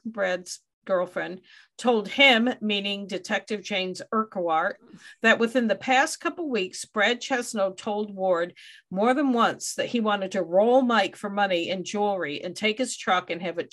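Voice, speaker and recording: A woman's voice: medium pitch, fairly bright tone. A woman hosting a true crime podcast, reading out case details and adding wry asides. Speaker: podcast host.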